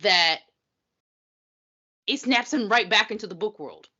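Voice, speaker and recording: A woman's voice: medium pitch, normal speed, breathy edge, dull audio. A woman co-hosting a podcast, recapping a TV episode in casual chat and acting out quotes. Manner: animated, acts out quotes, swears. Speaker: podcast co-host.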